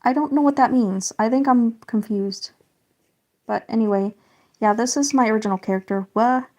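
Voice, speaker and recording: Casting: young woman, slightly high voice, rambling friendly live-stream chatter with fillers. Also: normal speed, mellow. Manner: chatty, reads viewer comments, many fillers and restarts. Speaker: livestreamer. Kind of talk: casual live-stream chat while colouring.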